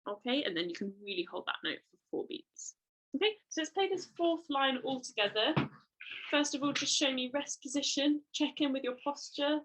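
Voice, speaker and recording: A woman's voice: high voice, lively intonation, fairly bright tone, low-quality recording. Patient woman teaching a music lesson. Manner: encouraging, patient, explains slowly with many fillers. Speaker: trumpet teacher.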